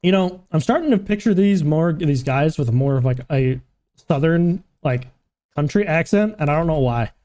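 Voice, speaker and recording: Mellow-voiced male game streamer. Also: on the high side, lively intonation, normal speed. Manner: chatty, joking, hums and talks to himself. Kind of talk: casual live-stream commentary.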